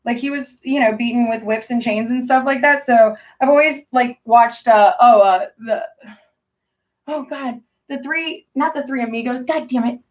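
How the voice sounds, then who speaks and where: A woman with a fairly high voice talks to her stream audience in a loose, rambling, profane way. Her voice sounds a little far from the microphone, with some room around it. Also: moderate pace. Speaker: livestreamer talking to chat. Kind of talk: casual rambling storytelling.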